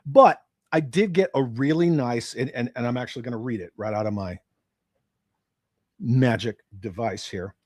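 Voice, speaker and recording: A man's voice: mid-range voice, normal speed, dry recording, studio quality. A man hosting a livestream, ranting with profanity and sarcasm about his hobby. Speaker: livestream host.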